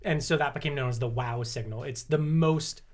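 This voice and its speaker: Casual podcast host explaining science. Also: male voice, medium pitch, normal speed, darkish tone. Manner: explains at length, laughing, swears casually. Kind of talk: casual chat.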